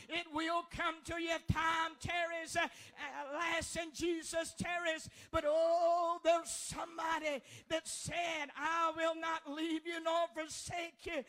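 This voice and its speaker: A woman's voice: very high voice, fairly bright tone. A woman preaching a fervent sermon, hollering and repeating her phrases. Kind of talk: shouted Pentecostal-style sermon.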